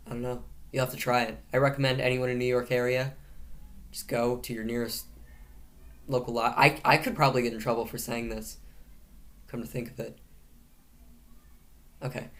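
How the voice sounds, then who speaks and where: A man hosting his own news commentary show, reading stories aloud in a casual way. He adds sarcastic jokes and often stops to correct himself. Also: medium pitch. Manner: frequent self-corrections and restarts.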